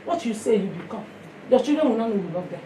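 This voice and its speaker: High-pitched Nigerian woman preacher, passionate and emphatic, heard in an echoey hall from a distance. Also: lively intonation, fast talker, slight background noise. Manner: passionate, emphatic, swings from loud to hushed. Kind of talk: sermon.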